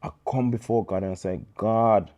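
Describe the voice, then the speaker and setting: A man in his thirties with a Birmingham accent, telling his life story as an interview guest in an animated, preacher-like way with street slang. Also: sits low, a little fast. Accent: Birmingham English. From England. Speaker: guest, charity founder. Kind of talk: casual interview chat.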